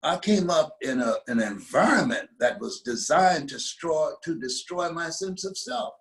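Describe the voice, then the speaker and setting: An older man from the United States, an interview guest telling a motivational story, slowing down to stress key phrases. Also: a little high, lively intonation, low-quality recording.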